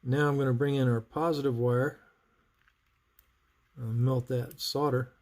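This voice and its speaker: A man's voice: medium pitch, little pitch movement, measured pace, darkish tone. A man hosting a live stream, chatting while he narrates soldering work and answers viewers. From North Carolina, US. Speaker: livestream host, saber builder. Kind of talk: live soldering tutorial chat.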